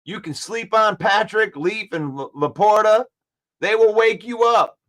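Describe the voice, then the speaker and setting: A man hosting a daily sports talk show, excitable and trash-talking, repeating himself as he builds his case. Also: high voice, unhurried.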